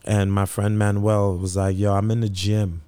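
A man's voice: on the low side, little pitch movement, normal speed, dark tone, smooth, no room sound. A middle-aged man, telling his story in an interview in an earnest voice that repeats itself and acts out quoted dialogue. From Brooklyn, New York. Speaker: founder of a sneaker charity.

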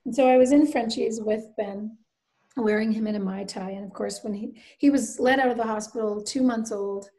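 A woman in her thirties from the Canadian Maritimes, with a fairly high voice, speaks in an interview. She is earnest and reflective and tells her own story at length, slipping into the voices of people she quotes. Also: steady tone, normal speed, warm tone, low-quality recording. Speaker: guest, bereaved mother and author.

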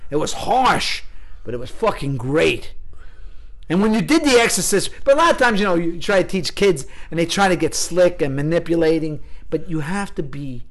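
A middle-aged man, a guest actor, telling stories in casual podcast chat, profane and animated. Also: fairly high pitch, moderate pace. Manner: animated storyteller, profane, acts out voices.

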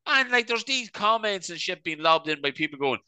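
Animated bright-voiced podcast host. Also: male voice, high voice, a little fast, clear, resonant tone, no room sound. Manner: rambling, peppers speech with "right?". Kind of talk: casual comedy podcast chat.

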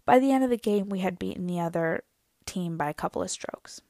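A woman's voice: lowish voice, animated, a little fast, dark tone, no room sound. A woman in her twenties telling a story to her viewers in a casual, dramatic, self-mocking way. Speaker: vlogger.

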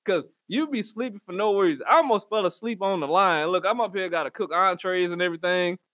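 A man's voice: high-pitched, a little fast, fairly bright tone, no echo, studio quality. A man hosting his own podcast, chatting casually and rambling with jokes and slang. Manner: joking, slangy, rambling banter. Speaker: podcast host. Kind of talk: casual solo podcast chat.

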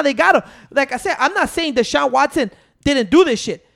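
A man's voice: very high-pitched, expressive, a little fast, gravelly, fairly bright tone. A man, co-hosting a casual, profane debate and insisting on finishing his point through interruptions. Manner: insistent, keeps restarting to hold the floor. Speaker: podcast co-host.

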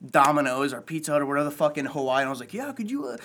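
A man in his twenties telling stories in casual, profane, excitable chat with friends. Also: mid-range voice, rapid-fire.

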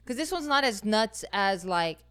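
Woman with a smooth voice chatting and teasing on a podcast, asks lots of questions. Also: mid-range voice, sing-song, moderate pace, a bit bright. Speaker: podcast co-host. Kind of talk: casual chat.

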